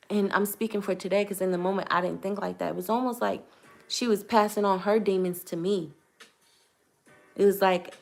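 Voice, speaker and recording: A woman's voice: mid-range voice, a little mellow. A young woman vlogger telling a personal testimony to camera in an earnest, hesitant way, choosing her words carefully.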